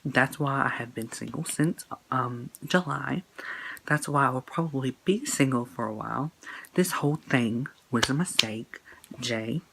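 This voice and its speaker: A man's voice: mid-range voice, normal speed, creaky, background noise. A young man vlogging a personal breakup story to his phone camera, earnest and emotional, rambling with fillers and quoted texts. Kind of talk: casual storytime monologue.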